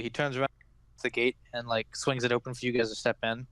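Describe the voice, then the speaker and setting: A man narrating a tabletop game as game master, with halting, filler-heavy delivery. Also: medium pitch, little pitch movement, fairly bright tone, clear, resonant tone, no echo.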